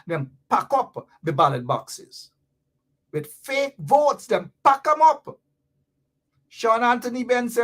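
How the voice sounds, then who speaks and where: Hosting a live-stream talk show, a man from Guyana reads viewer comments and explains local slang, repeating himself a great deal. His Guyanese Creole-accented voice is high-pitched, very animated and a bit bright, yet his pace stays measured.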